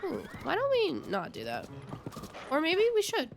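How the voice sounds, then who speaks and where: A woman's voice: very high-pitched, wildly swooping pitch, a little slow, gravelly, background noise. A young woman streaming a video game, chatting casually and telling a rambling, giggly story. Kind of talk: casual live-stream chat.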